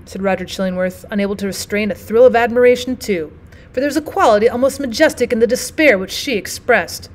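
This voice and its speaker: A woman teacher narrating a classic novel aloud for students at a steady, clear pace. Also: a little high, quick pace.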